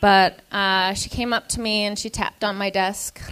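A woman telling a comedic story at a live show, animated and laughing through her lines. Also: mid-range voice, moderate pace, hardly any pauses, slight background noise.

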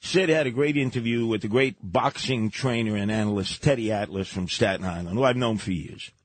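A man's voice: on the low side, fairly quick, no room sound. A man hosting a radio talk show, telling stories and giving blunt, emphatic advice at a studio microphone.

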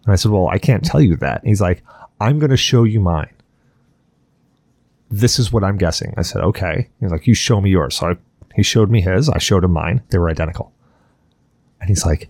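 A man's voice: deep voice, animated, fairly quick, long pauses, a little mellow, husky, no room sound. A man hosting a podcast, telling a rambling, profane story in casual chat. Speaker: podcast host.

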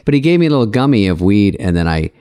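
Middle-aged guy, lowish voice, deadpan storyteller on a chat show. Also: fast, clear, resonant tone. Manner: deadpan storyteller, acts out others' lines. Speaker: podcast co-host. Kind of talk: casual chat.

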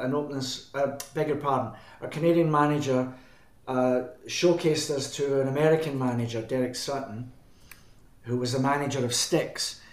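A man with a Scottish accent, a band frontman as a guest, telling long rambling anecdotes and correcting himself as he goes. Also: medium pitch. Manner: rambling, self-correcting, chuckling. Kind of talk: anecdotal storytelling. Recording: roomy echo.

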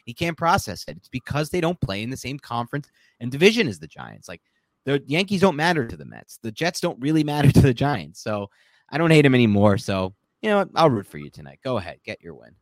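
A man co-hosts a sports podcast, talking in a casual, opinionated way with quick asides. His pitch swings widely as he gets going, and the sound is dry and close to the mic. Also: very animated, no room sound. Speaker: podcast co-host breaking down football film.

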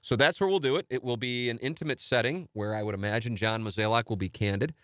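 A man's voice: medium pitch, quick pace, fairly bright tone, no echo, studio quality. Enthusiastic rambling man hosting a podcast. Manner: rambling, enthusiastic, self-deprecating. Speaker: podcast host. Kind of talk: casual solo podcast talk.

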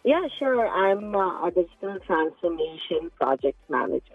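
A man with an Indian accent calling a radio show, chatty and quick to laugh. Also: sits high, big pitch swings, breathy edge, no room sound, faint music behind. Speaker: caller. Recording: phone line.

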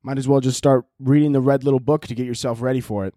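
A man's voice: medium pitch, steady tone, quick pace, warm tone, dry recording, studio quality. A man in his twenties with a Chicago accent, ranting profanely and laughing as a solo podcast host. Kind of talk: casual solo podcast rant.

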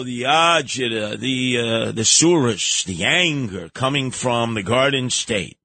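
A man's voice: medium pitch, expressive, takes it slowly, hardly any pauses, pushed and bright, no room sound. A man hosting a talk radio show, delivering a blustery, sarcastic, mocking monologue into a studio microphone.

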